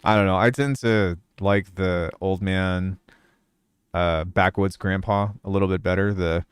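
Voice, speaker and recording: A young man chatting casually on a live stream as a music producer, relaxed and rambling with lots of fillers. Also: low-pitched, a little slow, clear, resonant tone, no echo, studio quality.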